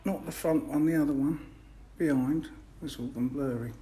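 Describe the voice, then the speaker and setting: A man's voice: on the high side, normal speed, mellow. A man with an English accent, chatting casually on a live stream outdoors by a fishing lake. He rambles and interrupts himself. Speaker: fishery owner streaming live.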